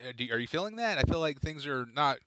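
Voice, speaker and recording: A man's voice: a little high, animated, fast, noisy background. A man co-hosting a casual comedy podcast, playful and jokey, rambling with lots of fillers. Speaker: podcast co-host.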